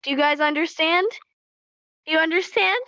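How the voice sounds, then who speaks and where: A high, bright-voiced young woman leads a casual live-streamed sign language lesson. She is animated, repeats key points for emphasis and laughs easily. The audio is dry and a little dull, as on a lo-fi stream. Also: normal speed, no room sound.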